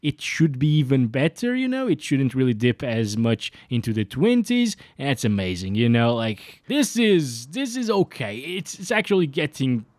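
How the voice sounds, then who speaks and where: A man with a fairly high voice talks through his gameplay in a casual, excitable way. He laughs often and trips over his words as he reacts to the screen. The recording is dry and close, with little room sound. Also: normal speed, few pauses, dry recording. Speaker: gaming hardware youtuber.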